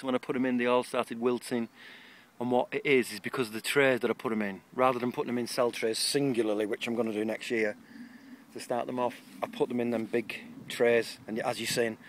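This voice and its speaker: A man's voice: mid-range voice, slight background noise. Chatty man on allotment tour. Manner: chatty, rambling, self-mocking. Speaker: allotment vlogger. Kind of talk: casual garden tour. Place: outdoor allotment.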